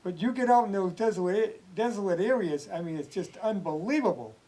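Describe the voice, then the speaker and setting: A man's voice: sits high, lively intonation, a little fast, warm tone, low-quality recording. A man hosting a casual TV interview in an easygoing, chatty way. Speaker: TV host.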